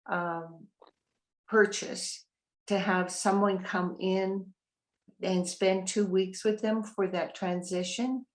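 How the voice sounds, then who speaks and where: A woman's voice: medium pitch, poor audio. A middle-aged woman sharing a heartfelt account of her family's experience, talking through fillers and restarts in an interview. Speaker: family member of a resident. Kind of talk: interview testimonial.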